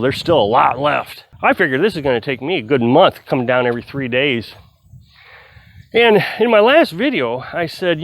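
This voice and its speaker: A man's voice: a little high, no room sound. A man vlogging outdoors while cutting firewood, talking casually to the camera in a rambling way, restarting his sentences as he retells a story. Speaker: vlogger on off-grid living.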